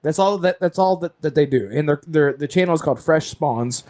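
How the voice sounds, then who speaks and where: A man with a somewhat high voice is co-hosting a casual podcast chat. He rambles through a story, stopping and starting, and leans on "like" and "uh" as he goes. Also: darkish tone. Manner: rambling, halting storytelling with many fillers. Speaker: podcast co-host.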